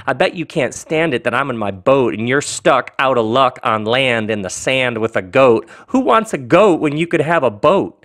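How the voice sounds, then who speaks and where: A man's voice: a little high, sing-song, unhurried, creaky, no room sound, clean studio sound, voice pushed up, full character voice. A man voicing a smug, gloating man who brags about his boat in a silly rhyming storybook tale. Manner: boastful, singsong.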